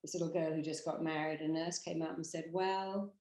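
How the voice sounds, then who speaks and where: A woman with a British accent, a therapist giving an emphatic, animated motivational talk straight to the camera. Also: low voice, quick pace, roomy sound, poor audio. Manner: emphatic, animated storytelling with acted quotes. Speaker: therapist and hypnotherapist.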